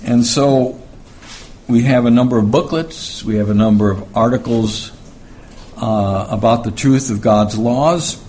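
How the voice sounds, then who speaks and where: Slow, deliberate male preacher. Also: medium pitch, mellow, a little hiss or hum. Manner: deliberate, repeats key phrases for emphasis. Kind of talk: sermon with scripture reading.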